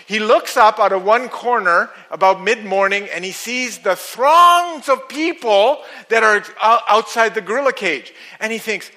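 A middle-aged man preaching a sermon, telling stories in an animated way and laughing at his own jokes. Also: high voice, a little slow, hardly any pauses.

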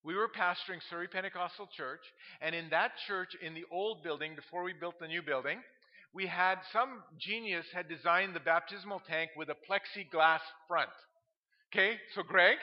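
A middle-aged man who is a pastor, telling funny stories from the pulpit in an animated way and laughing at his own tales. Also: sits high. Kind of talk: humorous sermon storytelling. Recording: dull lo-fi sound.

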